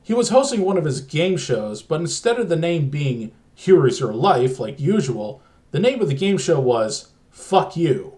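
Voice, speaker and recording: A man's voice: on the high side, big pitch swings, measured pace, few pauses, a little mellow. Exasperated, swearing male storyteller. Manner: profane, exasperated. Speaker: story narrator. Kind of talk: comedic horror story narration.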